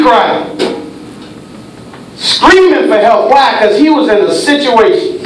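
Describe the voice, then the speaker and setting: A man preaching a sermon in a church, telling a dramatic story and swinging between hushed tones and shouts. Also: very high voice, lively intonation, slow, long pauses. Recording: echoey church hall from far off, faint hiss.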